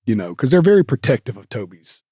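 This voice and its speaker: A man's voice: mid-range voice, big pitch swings, quick pace, dark tone, breathy edge, dry recording, studio quality. Rambling man telling stories in an interview. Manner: rambling, filler-heavy, with self-corrections. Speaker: guest. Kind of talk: casual interview storytelling.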